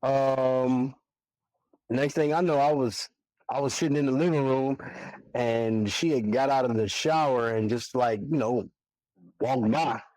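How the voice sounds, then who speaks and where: A man in his forties, a guest on a podcast, telling a personal story in a casual, animated way and acting out his own reactions. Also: mid-range voice, a little slow, no room sound, rough recording. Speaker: podcast guest, barber and single father.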